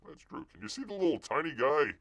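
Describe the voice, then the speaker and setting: A man's voice: on the high side, big pitch swings, fast talker, a bit bright, dry recording. A man hosting a live stream, chatting casually and jokingly about pictures on screen, sometimes calling himself in the third person. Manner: jokey, rambling, calls himself Bear in third person. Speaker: live-stream show host.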